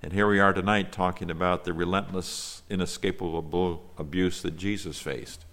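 A man with a very low voice delivers a sermon from the pulpit. He reads a long scripture passage aloud in archaic wording, then explains it in an earnest, measured way, with the odd "uh" when he speaks freely. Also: fairly even intonation, fairly bright tone. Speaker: pastor.

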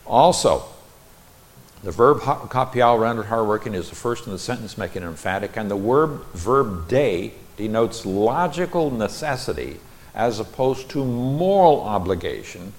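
A middle-aged man preaching an expository Bible lesson in a deliberate, explanatory way, with folksy personal asides. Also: on the low side, very animated.

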